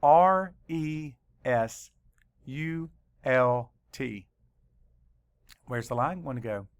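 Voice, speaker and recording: A male teacher leading a spelling lesson for children, spelling words slowly letter by letter and adding dry asides. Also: medium pitch, expressive, clean tone.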